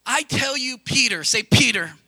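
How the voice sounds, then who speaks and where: High, bright-voiced young male pastor preaching. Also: no room sound. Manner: animated, conversational preaching with quick asides to the congregation. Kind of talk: sermon.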